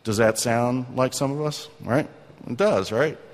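A man's voice: medium pitch, a little slow. Man preaching in an echoing hall. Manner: conversational, earnest, asks the congregation questions. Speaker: pastor. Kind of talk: sermon. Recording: long reverb of a hall.

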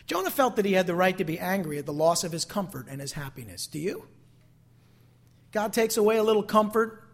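Male preacher, high register, questioning and dramatic sermon delivery. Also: animated, brisk. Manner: rhetorical questions to the congregation, dramatic acted quotes.

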